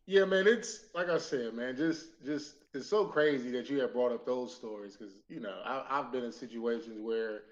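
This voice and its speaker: A man's voice: mid-range voice, normal speed, hardly any pauses, dull audio. A man co-hosting a podcast, chatting casually in slang and reacting with short interjections. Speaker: podcast co-host. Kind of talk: casual chat. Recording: roomy echo.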